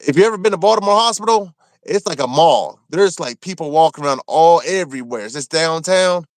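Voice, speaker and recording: A man from Maryland telling a rough story from his time in prison, cursing freely and acting out what people said. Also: a little high, a little fast, no room sound. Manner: animated, profane, acts out quotes. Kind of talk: casual storytelling.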